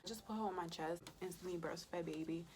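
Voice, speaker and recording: A woman, a birth worker and mother, tells a personal story for a vlog in a casual, emotional way, speaking straight to her viewers and often sinking into a soft whisper. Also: fairly low pitch, fairly quick, slight background noise. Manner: conversational, addresses viewers directly.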